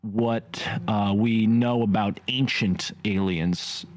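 A man with a fairly low voice hosts a loose podcast conversation. He rambles and laughs a lot. The sound is dry and close. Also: steady tone, slow pace, darkish tone, no room sound. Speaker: podcast host. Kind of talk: casual podcast chat. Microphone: remote call mic.

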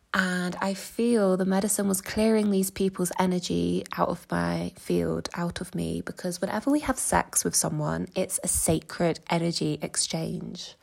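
A woman's voice: fairly low pitch, creaky. A young woman from England telling a personal story in a chatty, emotional way, using "like" a lot. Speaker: vlogger.

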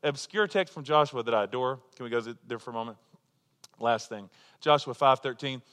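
Conversational pastor in an echoing hall. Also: male voice, medium pitch, a little fast, a bit bright. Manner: conversational, joking, full of rhetorical questions. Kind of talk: sermon.

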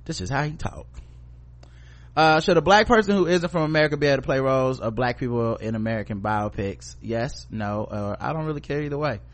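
A man's voice: mid-range voice, fairly quick. A man co-hosting a podcast in casual chat, giving blunt, profane, opinionated commentary. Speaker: podcast co-host.

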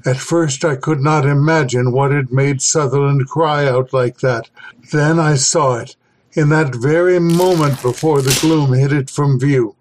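Male horror storyteller, mid-pitched voice, measured, dramatic reading. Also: fairly even intonation. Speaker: podcast host and reader. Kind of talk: scripted horror story narration.

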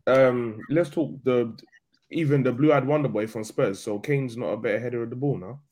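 Husky man questioning in football chat. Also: medium pitch, moderate pace, a little mellow. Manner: questioning, probing.

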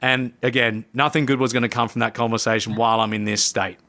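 Bright-voiced man telling a story. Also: medium pitch, quick pace. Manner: lively narrator who acts out his own past lines. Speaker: podcast guest, coach and speaker. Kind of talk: animated storytelling in conversation.

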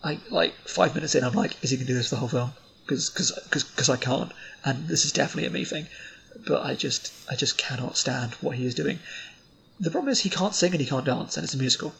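A man co-hosting a film podcast, opinionated and animated, his voice jumping up in pitch when he rants. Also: fairly quick, vocal fry, a little hiss or hum, poor audio. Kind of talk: casual film review chat.

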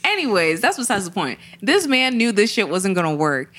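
Her voice is mid-range and her speed normal as she co-hosts a podcast. Chatting casually, this woman recounts a news story with animated flair, performing the voices of everyone she quotes.

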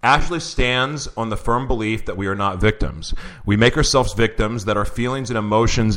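Bright, chatty male show host. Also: lowish voice. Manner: chatty, laughs often, reads an intro aloud. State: losing his voice. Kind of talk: live-streamed show, casual chat.

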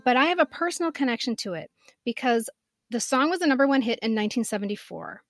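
A woman in her fifties co-hosting a casual podcast chat, telling stories with animated swings from soft to loud. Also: on the high side, fast talker, faint music behind. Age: 50s. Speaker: podcast co-host.

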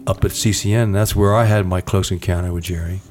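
A man with a fairly low voice runs the interview. He offers brief supportive replies and fills in background facts in a relaxed, conversational way. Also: fairly quick, soft background music. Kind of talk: interview, casual.

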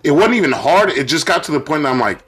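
A young man co-hosting a podcast, telling a story in casual chat, animated and laughing through it as he acts out quotes. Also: a little high, fast. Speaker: podcast co-host.

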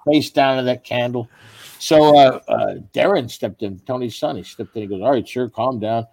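A man, a stand-up comedian, telling profane, animated anecdotes in casual chat with fellow comics. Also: mid-range voice, normal speed, no echo. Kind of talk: casual storytelling among comics.

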